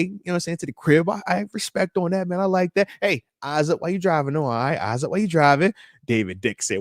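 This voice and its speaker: A man's voice: fairly high pitch, no echo, clean studio sound. Hype slangy man hosting a live stream. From United States. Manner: loose and hype, slangy, calls out chat comments. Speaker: podcast host. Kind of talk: live-stream chat with viewers.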